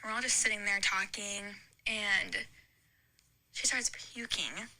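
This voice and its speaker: Bright, gravelly young woman telling a story. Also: mid-range voice, fairly even intonation, unhurried, poor audio. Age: young adult. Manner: chatty, rambling story with many likes. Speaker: podcast guest. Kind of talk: casual storytelling.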